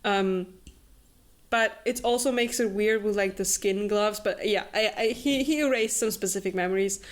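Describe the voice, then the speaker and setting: A woman's voice: mid-range voice, moderate pace. A young woman co-hosting a book club, casually and sarcastically summarizing a novel with lots of fillers. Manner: animated, many fillers, sarcastic.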